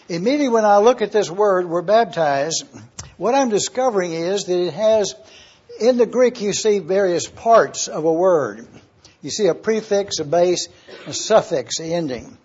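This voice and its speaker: A man teaches a sermon in a high, husky voice. He is emphatic and repeats his key points, spelling out terms letter by letter. The recording is dull and lo-fi. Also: lively intonation, unhurried, a little mellow. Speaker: Bible teacher. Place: church or classroom with overhead projector.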